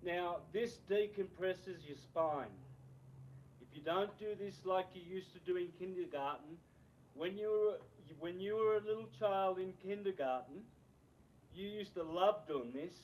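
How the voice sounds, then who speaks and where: Slow-talking man in his sixties. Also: high-pitched, a little hiss or hum. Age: 60s. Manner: rambling, animated anecdotes. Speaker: guest. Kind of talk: casual storytelling interview.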